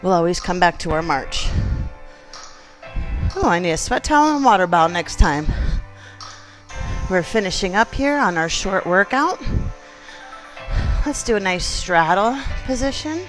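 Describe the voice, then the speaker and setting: A woman's voice: on the low side, lively intonation, measured pace, long pauses, poor audio. Woman, fitness instructor, chatty encouraging cues, counting reps, faint workout music behind. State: out of breath at times. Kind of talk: leading a gentle exercise class.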